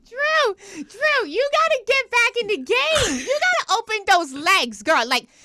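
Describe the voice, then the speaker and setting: A comedian putting on a loud, bubbly reality-star mom with a New Jersey accent, her voice bright and swooping up high with a slight rasp at the top. She gushes and bosses in a pep-talk rush. The sound is dry and close. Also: big pitch swings, measured pace, no echo, exaggerated voice. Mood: bossy. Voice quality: little rasp when going up in pitch. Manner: gushing, bossy pep talk with "like" fillers.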